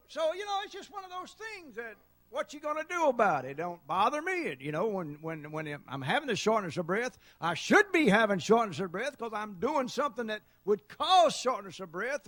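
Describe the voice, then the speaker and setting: Man, middle-aged, sermon, folksy storyteller, high lively voice, dry sound. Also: no echo. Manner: folksy storytelling, dramatic swings to loud shouting. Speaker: preacher. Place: church sanctuary.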